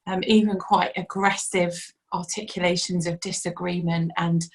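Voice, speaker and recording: Woman, podcast guest, measured and reflective, low voice, narrow pitch range. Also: level tone. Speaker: ministry leader, guest. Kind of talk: podcast conversation.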